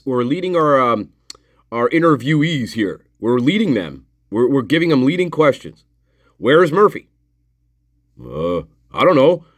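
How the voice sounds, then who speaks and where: A man's voice: on the high side, fairly bright tone, dry recording, clean studio sound. A man commenting on interview footage in an angry, sarcastic, profane rant.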